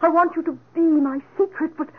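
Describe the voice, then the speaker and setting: A woman's voice: very high-pitched, fairly even intonation, a little fast. An actress playing a breathless, romantic lady of a royal court in a 1970s radio drama. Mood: longing. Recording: tinny old radio broadcast.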